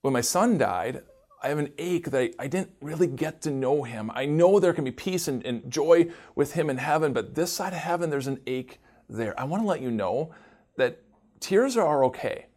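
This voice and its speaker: Earnest man sharing a gentle testimony. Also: fairly high pitch, animated, moderate pace. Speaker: devotional show host. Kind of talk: personal testimony to camera.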